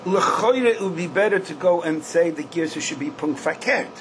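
Animated older man teaching Talmud. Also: a little high, normal speed, slight background noise, poor audio. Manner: questioning singsong, bursts of emphasis, Yiddish-style Hebrew terms. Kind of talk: Talmud class lecture.

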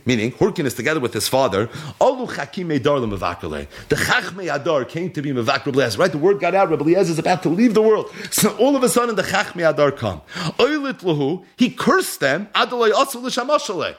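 A man's voice: on the high side, fast talker, breathy edge. A man teaching a Torah class as a story, reading Aramaic lines aloud and translating each one, with rhetorical questions to his listeners. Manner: animated, reads Aramaic then translates line by line.

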